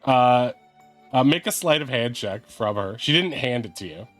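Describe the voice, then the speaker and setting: A man narrating as game master of a tabletop game, laughing often and pausing with fillers. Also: medium pitch, lively intonation, faint music behind.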